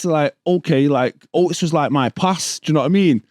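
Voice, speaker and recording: This thirties podcast guest from Stockport, England, speaks Manchester English and spins his stories in casual street slang, peppered with "bro" and "do you know what I mean." He talks fast with few pauses, in a fairly high, slightly mellow voice. The sound is dry, at studio quality.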